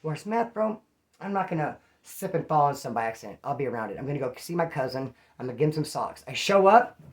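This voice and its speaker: A man telling a rough personal story in casual, profane street slang. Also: on the high side, lively intonation, quick pace. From California. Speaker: vlogger.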